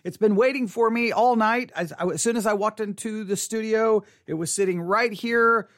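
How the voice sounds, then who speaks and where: A man's voice: sits high, moderate pace, fairly bright tone, dry recording. A man hosting a casual devotional podcast from a studio, rambling and often repeating himself as he talks. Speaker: podcast host. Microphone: studio mic.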